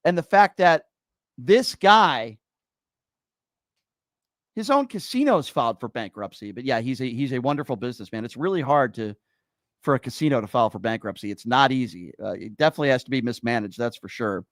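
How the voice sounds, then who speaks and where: A man's voice: mid-range voice, lively intonation, fairly quick, no room sound. Combative, insulting call-in show host man. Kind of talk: call-in political talk show.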